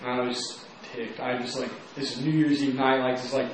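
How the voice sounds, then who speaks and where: A young man from Texas tells his own story in a loose, rambling way, leaning on "like" again and again. His voice sits at an ordinary pitch for a man. He is heard from some distance in a very echoey room, with faint noise behind him. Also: flat delivery, a little fast. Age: young adult. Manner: casual, rambling, heavy use of "like". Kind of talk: personal testimony.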